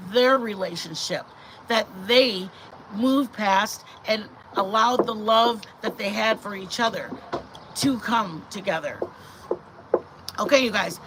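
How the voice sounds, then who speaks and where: A middle-aged woman vlogger telling a story to her viewers in a chatty, animated way that often turns to her faith. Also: medium pitch, a little hiss or hum. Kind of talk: casual storytelling to camera.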